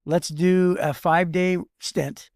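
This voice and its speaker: A man's voice: high-pitched, steady tone, slow pace, a little mellow, no echo, clean studio sound. A man co-hosting a faith podcast as a pastor, speaking emphatically and repeating words for stress. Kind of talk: casual faith discussion.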